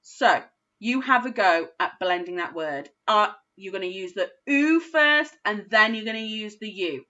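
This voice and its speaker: Woman teacher, phonics lesson for kids, slow and patient, bright voice, dull lo-fi sound. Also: mid-range voice, lively intonation. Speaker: primary school teacher. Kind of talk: recorded phonics lesson for young children.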